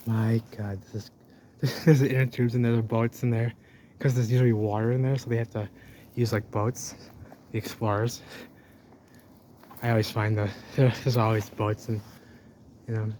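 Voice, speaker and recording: Male explorer vlogger, mid-pitched, exclamatory walk-and-talk in an outdoor canal, with noisy ambience. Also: normal speed, long pauses. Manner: excitable, exclamatory, talks to the camera as he walks. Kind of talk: handheld walking commentary. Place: outdoors in an old drained canal.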